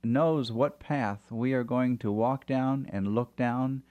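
A man's voice: medium pitch, steady tone, slow pace, lo-fi sound. A man hosting a Christian talk conversation, affirming and reflective. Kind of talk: christian talk show chat.

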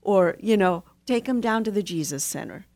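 A woman therapist, a guest on a talk show, calmly telling a story and giving advice. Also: medium pitch, dry recording. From United States. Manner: calm, measured, instructive. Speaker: marriage and family therapist, guest. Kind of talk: casual interview chat, storytelling.

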